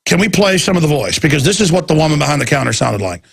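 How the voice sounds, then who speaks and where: Texan man, talk radio host, gravelly, husky, fairly high for a man, ranting monologue. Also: big pitch swings, fast. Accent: Texas. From Texas. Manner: ranting, mocking impressions.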